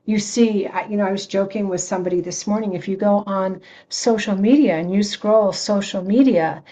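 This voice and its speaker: A woman's voice: medium pitch, moderate pace, mellow. A woman reverend leading an online prayer circle, talking in a loose, conversational way, restarting phrases, laughing often and answering comments from viewers. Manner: reads and answers chat comments. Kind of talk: informal spiritual talk.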